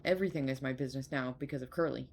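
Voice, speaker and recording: A woman's voice: very deep voice, rapid-fire, darkish tone, a little hiss or hum, pitched below the performer's own voice. A woman reading a blunt, sarcastic captain. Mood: curt. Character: rude young male captain, blunt.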